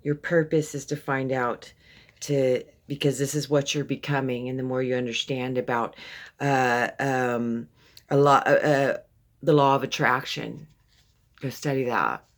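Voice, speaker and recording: A woman's voice: extremely low pitch, little pitch movement, unhurried. A woman giving a casual, affectionate tarot reading, calling the listener baby and often repeating herself. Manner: rambling, repeats words and restarts. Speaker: tarot reader.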